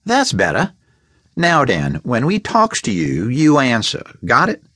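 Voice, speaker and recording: A man's voice: medium pitch, wildly swooping pitch, a little slow, a bit bright, dry recording, studio quality, pitched above the performer's own voice, heavily acted. A man narrating an audiobook voices a small, flashy male gangster who taunts his victim in street slang. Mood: taunting. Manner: street slang, mocking menace.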